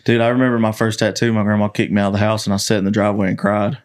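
On his laid-back storytelling podcast, a young country singer and host speaks very fast in a smooth, fairly low voice. He swears heavily, stays animated, and voices the people he's quoting.

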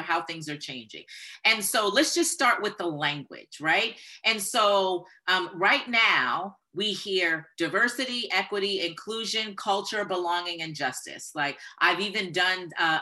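Emphatic woman with a bright voice. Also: on the low side. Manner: emphatic, building to forceful points. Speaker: guest expert on corporate diversity. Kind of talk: conversational interview talk.

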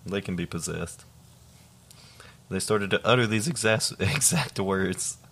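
A young man co-hosting a podcast, reading listener stories aloud in a casual, deadpan way, swearing freely and laughing now and then. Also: deep voice, measured pace, vocal fry, slight background noise. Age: young adult.

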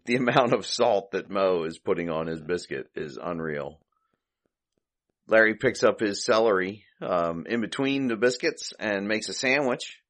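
A man's voice: on the low side, expressive, a little slow, a bit bright. A man hosting a podcast, casually recapping an old comedy short, chuckling and thinking aloud as he goes. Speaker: podcast host.

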